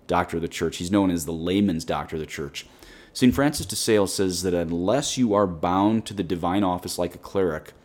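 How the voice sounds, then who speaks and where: A man with a very low voice teaches on prayer as a priest hosting his own podcast. He speaks in an earnest, direct and plain-spoken way, as if chatting with his listeners. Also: darkish tone. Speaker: Catholic priest and podcast host. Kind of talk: conversational spiritual teaching.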